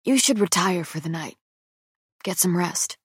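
Quiet teasing young prince, read by a woman. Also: fairly low pitch, lively intonation, a little slow, husky, no room sound, studio quality, exaggerated voice. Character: young male prince, calm, dryly teasing. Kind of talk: audiobook character voice.

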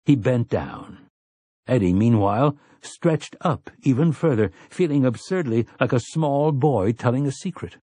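A man narrating an audiobook in a measured, even storytelling manner. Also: mid-range voice, breathy edge, no echo.

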